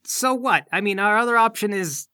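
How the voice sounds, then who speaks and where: Tabletop player, deadpan and wry, bright tone. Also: mid-range voice, normal speed, no echo, studio quality. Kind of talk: in-character tabletop play.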